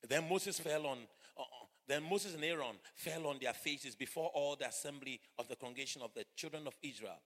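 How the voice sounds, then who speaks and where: A middle-aged man preaching a sermon, swinging from hushed asides to fervent shouting. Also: a little high, a little fast, few pauses, long reverb tail. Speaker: pastor. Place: church hall.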